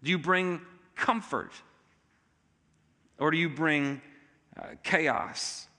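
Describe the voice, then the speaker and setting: A male pastor preaching a sermon in a church auditorium, emphatic, with sudden rises in pitch and loudness. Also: slow, big-room sound.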